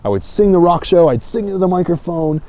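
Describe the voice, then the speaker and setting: A man giving a casual public speaking lesson, talking conversationally and often checking in with "okay?", dropping low and quiet to make a point. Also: expressive, quick pace. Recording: slightly dull lo-fi sound.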